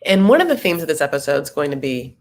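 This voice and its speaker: A woman hosting a casual livestream recap of a reality show, animated and jokey, full of fillers and playful put-on voices, laughing at her own jokes. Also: low voice, quick pace.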